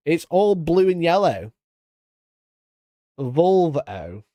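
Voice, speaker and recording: A man's voice: a little high, sing-song, very slow, dark tone, no echo. Chatty British man on a live stream. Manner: chatty, laughing, mock-indignant. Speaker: streamer host. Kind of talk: casual live-stream chat. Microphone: studio mic on boom arm.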